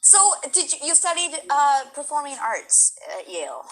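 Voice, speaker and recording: Bright, gushing woman interviewer. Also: high voice, big pitch swings, moderate pace, a little hiss or hum, poor audio. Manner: gushing, swears casually, laughs often. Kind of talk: casual interview chat. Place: home.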